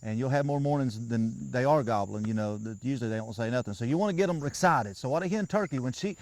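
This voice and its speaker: A man's voice: medium pitch, fast talker, a little mellow, no echo. A man giving a patient, folksy hands-on lesson outdoors, often repeating himself as he coaches a beginner. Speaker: turkey calling instructor.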